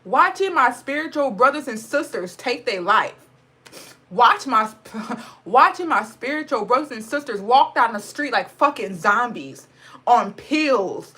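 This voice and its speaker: A woman speaks in a Black dialect, high-pitched and bright. She talks bluntly and swears freely in a spiritual vlog. Her voice sounds close to tears. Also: very animated, measured pace, slightly rough. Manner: mocks others in high sarcastic voice. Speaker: spiritual vlogger. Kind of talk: impassioned casual monologue.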